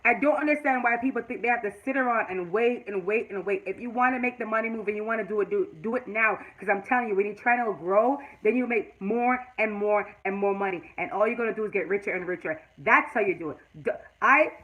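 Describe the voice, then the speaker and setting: A woman's voice: mid-range voice, quick pace, fairly bright tone, rough recording. A middle-aged woman with a Jamaican accent hosting a live stream, giving casual, emphatic advice and chatting with viewers. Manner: emphatic, repeats herself, chats to viewers.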